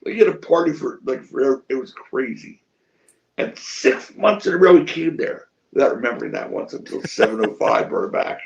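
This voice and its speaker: A middle-aged man spins stories with lively swings of pitch and a gravelly edge, acting out each quote and swearing freely. The sound is dull and lo-fi. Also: brisk. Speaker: wrestling promoter interviewee. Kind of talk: shoot interview storytelling.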